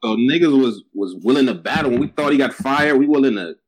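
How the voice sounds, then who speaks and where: A man's voice: mid-range voice, expressive, fast. A man in a casual podcast chat, blunt and joking, swearing freely.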